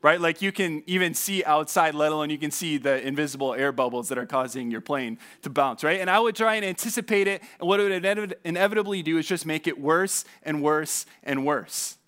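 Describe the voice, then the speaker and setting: A man preaching a sermon as pastor, conversational and animated, often asking his listeners questions and dropping low and quiet on key points. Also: brisk, hardly any pauses.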